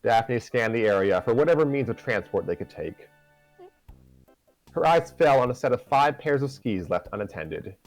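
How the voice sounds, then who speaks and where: A man's voice: mid-range voice, expressive, moderate pace, soft background music, poor audio. A man hosting and reading a story aloud live, narrating conversationally with self-corrections. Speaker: story reader and host.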